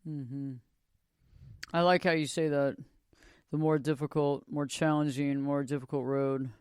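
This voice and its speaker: A man's voice: on the high side, flat delivery, unhurried, smooth, no room sound, studio quality. A man hosting a podcast interview, enthusiastic and often repeating words as he starts a sentence. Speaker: podcast host.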